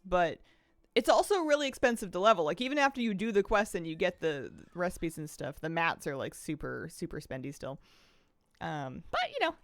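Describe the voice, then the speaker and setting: A woman from the Pacific Northwest streams a game and rambles casually, sighing often and speaking with a slight lisp. Her voice is lowish. There is no room sound in the recording.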